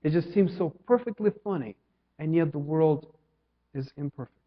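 A man from Ukraine preaching a sermon, asking questions and swinging from loud to hushed. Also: a little high, moderate pace. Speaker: pastor. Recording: dull sound with long hall reverb.

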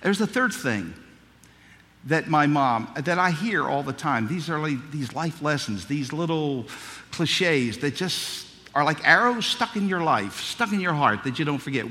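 A man preaching in a folksy, joking storytelling manner, his voice bright and forceful. His voice is a bit higher than most men's, and it rings out with a long reverb like a large sanctuary. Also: lively intonation, unhurried. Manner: folksy storytelling, humorous asides. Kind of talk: sermon with personal stories.

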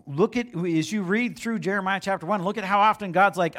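Middle-aged male pastor, slightly high voice, casual sermon with lively quoted asides. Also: brisk, few pauses. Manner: conversational preaching, acts out God's voice with rising pitch.

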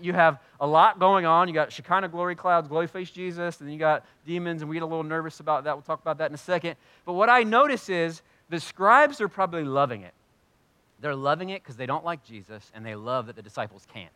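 A man preaching a sermon in an animated way, swinging from loud, emphatic lines to quiet, low ones. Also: no room sound. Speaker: pastor.

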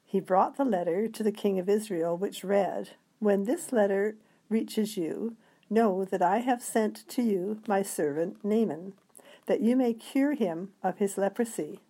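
Woman, scripture reader, mellow dark tone, measured reading, small slips. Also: mid-range voice, husky.

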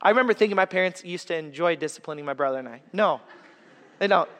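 Pastor in his thirties with a high voice, earnest conversational sermon, echoey church hall. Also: lively intonation, fast, fairly bright tone. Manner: earnest, conversational preaching with personal stories and humor.

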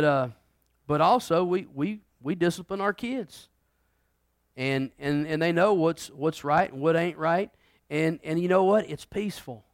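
Middle-aged male pastor, casual sermon, fairly high voice, dry close sound, big swings in volume. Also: no room sound. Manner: conversational preaching, swings between loud emphasis and quiet.

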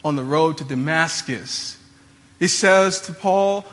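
A man's voice: a little high, takes it slowly, fairly bright tone, big-room sound. A man preaching a sermon as a pastor, in a casual, conversational way with slangy asides.

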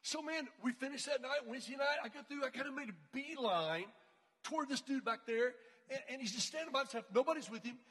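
Husky guy with a high voice, excitable youth talk full of slang, big hall with long reverb. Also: fast. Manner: excitable and slangy, laughs often. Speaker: youth speaker. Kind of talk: storytelling talk to a youth group.

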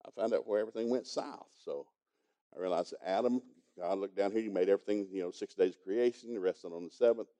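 A man's voice: low voice, fast, mellow. A man preaching a sermon, telling a folksy story and chuckling as he goes. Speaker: pastor teaching a congregation.

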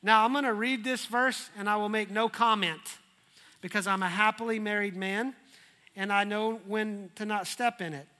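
A man preaching a sermon, telling the story in a lively, humorous way. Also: high-pitched, normal speed. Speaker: pastor.

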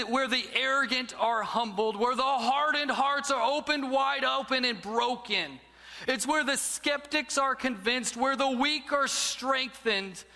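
A man preaching a sermon as a storyteller, who drops to a near-whisper at key moments. His voice sits high and bright. A long church reverb trails each phrase. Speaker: pastor.

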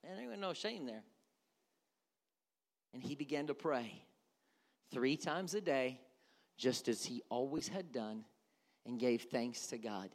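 A male pastor delivers a sermon with big dynamic swings. He climbs into loud, urgent preaching, then drops to a hushed near-whisper. He acts out everyday prayers in quick asides. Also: medium pitch, animated.

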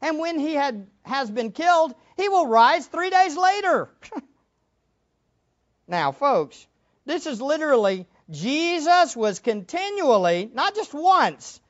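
A high-voiced woman preaching a Bible lesson, her pitch leaping around as she acts out the scenes. The recording is dull and lo-fi. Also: slow. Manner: animated, emphatic, laughs and acts out quotes. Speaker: Bible teacher. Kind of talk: sermon.

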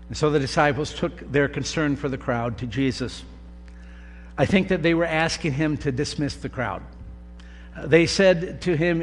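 Slow, deliberate preacher in a reverberant hall. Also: male voice, fairly high pitch. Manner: slow, deliberate delivery with emphatic pauses. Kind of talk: sermon. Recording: long reverb of a large hall, faint hum.

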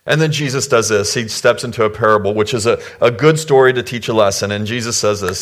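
A man's voice: fairly low pitch, quick pace, a bit bright. A middle-aged male pastor giving a conversational sermon to his church, acting out the people he quotes with sudden jumps in voice.

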